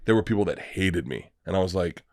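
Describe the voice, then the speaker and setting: A man who is a comedian guest on a podcast, telling stories in a casual, animated way, acting out the voices in his stories and swearing freely. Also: low-pitched, fast, dry recording, clean studio sound. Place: podcast studio.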